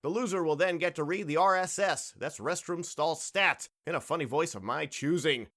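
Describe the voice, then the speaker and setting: A man hosting a comedy podcast, boisterous and quick to burst out laughing. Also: on the high side. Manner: boisterous, laughs loudly at jokes. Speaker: podcast host.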